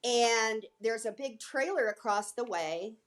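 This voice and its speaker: Animated woman telling stories. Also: on the high side, measured pace. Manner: animated, acts out quotes from others. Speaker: guest actress. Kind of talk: casual storytelling.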